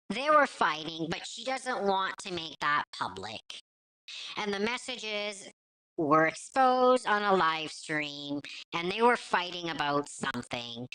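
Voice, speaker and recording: Blunt woman with a bright voice. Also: on the low side, clean tone, rough recording. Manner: blunt, scornful. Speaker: reaction commentator. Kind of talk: commentary over clips.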